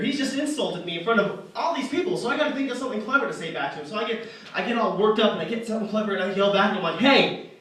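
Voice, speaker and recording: A young man's high-pitched voice, pushed and bright, carries through an echoey arts center hall, recorded from a distance. Doing stand-up, he rambles through a self-deprecating story, stumbling over fillers and restarts.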